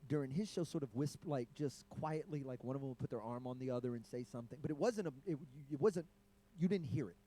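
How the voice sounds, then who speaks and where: A man's voice: medium pitch, warm tone. A man hosting a livestream chat who runs a comedy club, telling stories casually, swearing freely and laughing as he goes.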